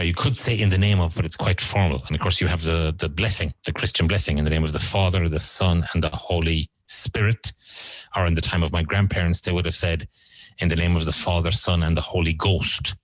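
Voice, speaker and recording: In a vocabulary lesson, a low-pitched man says each English word slowly more than once, then explains its usage. There's no echo, but the recording sounds rough.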